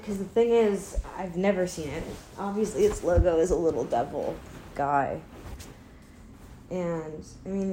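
Drowsy woman vlogger, low-ish voice, self-mocking ramble, echoey home room. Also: warm tone, slight background noise. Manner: rambling, self-deprecating, trails off and restarts. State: sleepy, not fully awake. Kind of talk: casual rambling chat to camera. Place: indoors at home, an apartment. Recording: echoey room with faint ambience.

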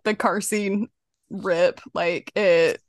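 A young woman hosts a casual conversation among friends. She retells scenes in a lively, animated way and laughs easily. Her voice sits at a middle pitch in a dry, close recording. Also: extremely slow, dry recording. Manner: animated storytelling, acting out quotes with frequent laughter. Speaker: podcast host. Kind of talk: casual chat.

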